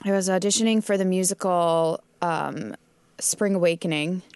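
A woman's voice: on the low side, moderate pace, darkish tone, clear, resonant tone, dry recording. A young woman in her twenties, an actress telling a casual story in a podcast conversation, with laughs and swearing. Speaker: guest actress. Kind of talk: casual chat.

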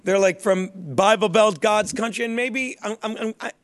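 A man hosting an improvised comedy interview, questioning in a teasing, deadpan way. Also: sits high, moderate pace.

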